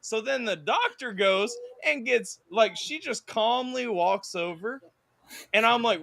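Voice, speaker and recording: A man's voice: very high-pitched, animated, measured pace, vocal fry, pushed and bright, no room sound. A young man hosting a stream, telling a crude story in casual chat, acting out sounds and voices. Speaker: streamer host.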